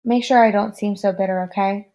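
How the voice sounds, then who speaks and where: A woman's voice: medium pitch, fairly even intonation, a little fast, dark tone, close to an everyday voice. A woman reading aloud the lines of an earnest, chatty young woman who drives.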